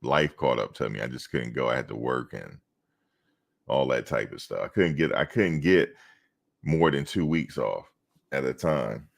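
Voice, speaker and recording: A rumbling low, creaky voice with lively intonation moves at a moderate pace. This reaction streamer rambles through loose stories in a casual livestream chat, addressing his viewers directly.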